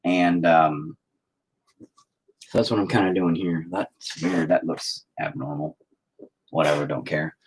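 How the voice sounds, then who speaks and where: Husky swearing man painting on stream. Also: very deep voice, steady tone, unhurried, long pauses. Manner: swears constantly, self-critical rambling; talks to himself while working. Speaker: painter streaming his work. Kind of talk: casual live painting commentary.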